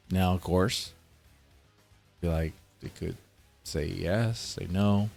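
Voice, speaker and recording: A man's voice: low voice, fairly even intonation, slow pace, gravelly, long pauses, a little mellow, soft background music. A man who works as a child protective services caseworker, casually explaining how he questions children, thinking aloud step by step.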